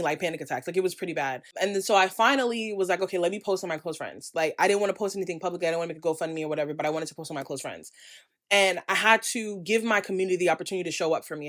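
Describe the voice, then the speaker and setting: A young woman from the United States giving a candid, passionate talking-head vlog, ranting with emphatic asides. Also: fairly low pitch. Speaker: creator and vlogger.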